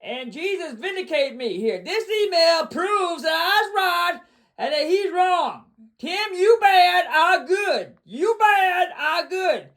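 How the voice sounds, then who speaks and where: A man hosting a livestream, ranting boastfully and repeating himself, often bursting into shouts. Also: extremely high pitch, animated, takes it slowly. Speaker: livestream host.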